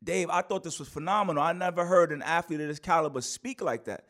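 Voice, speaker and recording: Male interviewer, slightly high pitch, measured questions, short affirmations. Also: a bit bright. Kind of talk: interview conversation.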